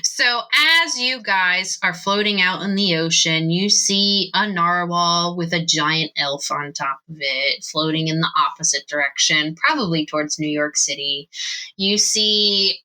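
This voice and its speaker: A woman narrating as game master of a tabletop game, animated and laughing often. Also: fairly low pitch, a little slow, rough recording.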